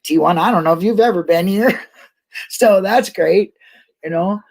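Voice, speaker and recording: A woman's voice: fairly low pitch, normal speed, darkish tone. A woman hosting a casual livestream, rambling and laughing as she talks to her viewers. She gets emotional easily. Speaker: YouTube livestream host.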